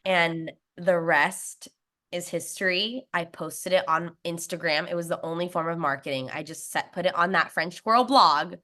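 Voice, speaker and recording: This interview guest, a young woman who founded a snack brand, speaks in a lowish voice at normal speed. She talks easily, laughs frequently and brings in other people's words through lively asides.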